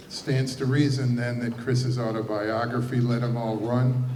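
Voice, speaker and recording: Guy giving an award speech, earnest and punchy, mellow voice, roomy far-off sound. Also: medium pitch, slight background noise. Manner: earnest, emphatic, with a few restarts. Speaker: award presenter. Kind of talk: formal ceremony speech. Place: banquet hall. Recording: echoey banquet hall from far off.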